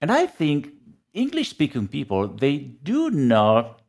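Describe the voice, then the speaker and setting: Italian man, podcast guest, gravelly, very lively pitch, pauses for words. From Italy. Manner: animated, searching for English words. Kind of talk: casual podcast chat.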